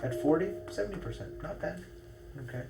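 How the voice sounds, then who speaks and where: A man working as a fertility doctor, explaining things briskly to a patient and checking that she follows. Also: fairly high pitch, expressive, vocal fry, far from the mic, loud music behind the voice. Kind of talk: consultation with a patient.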